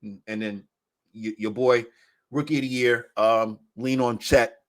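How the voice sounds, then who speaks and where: A man on a podcast in casual chat about basketball, animated and repeating phrases for emphasis. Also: mid-range voice, a little slow.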